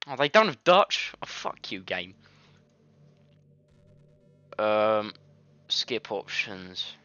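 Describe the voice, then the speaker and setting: A man's voice: lowish voice, sing-song, very slow, pushed and bright, dry recording, lo-fi sound. Cursing man narrating a game. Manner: swearing, easily frustrated, rambling. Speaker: gaming video creator. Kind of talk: casual let's-play commentary. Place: home recording studio.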